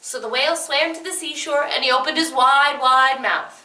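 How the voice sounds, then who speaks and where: A woman with a high, bright voice narrates a children's story, expressive and playful. She is heard from a distance in a roomy, echoing space. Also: normal speed. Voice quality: animated, expressive. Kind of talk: playful read-aloud storytelling duo. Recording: roomy echo from a distant mic.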